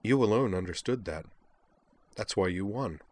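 A man reading the gentle, firm lines of a powerful goddess in a story. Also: fairly low pitch, animated, normal speed. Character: calm, kind, powerful goddess woman.

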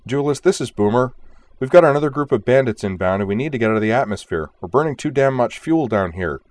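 A man's voice: mid-range voice, animated, quick pace, a little mellow, no echo, voice pushed up, close to an everyday voice. A man voicing a dutiful woman fighter pilot who calls out in urgent, worried radio lines.

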